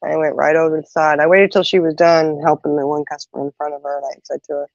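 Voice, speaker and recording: A woman's voice: low voice, fast, vocal fry, no echo. A middle-aged woman hosting a casual chat, retelling everyday stories with lots of asides. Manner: chatty, animated retelling with many asides. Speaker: host. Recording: dull, slightly muffled sound.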